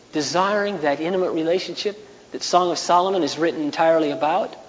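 Male pastor, earnest sermon, fairly high voice, long hall reverb, dull sound. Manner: earnest, preaching with sudden loud raised passages.

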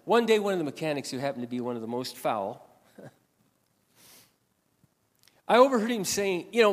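A man preaching a sermon in a storytelling way, animated and swinging between loud passages and quiet asides. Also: a little high, normal speed, long pauses, big-room sound. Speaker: pastor.

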